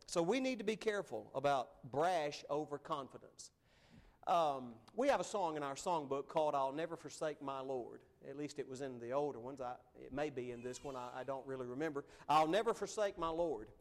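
A man preaching a sermon in an earnest, conversational way, his emphasis rising and falling as he goes. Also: a little high. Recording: long hall reverb.

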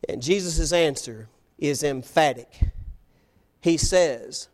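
A man with a high voice delivers a sermon from the pulpit. He talks emphatically and presses his points with rhetorical questions. His volume swings between loud declarations and quiet asides. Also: expressive, a little slow. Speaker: preacher. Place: church, evening service.

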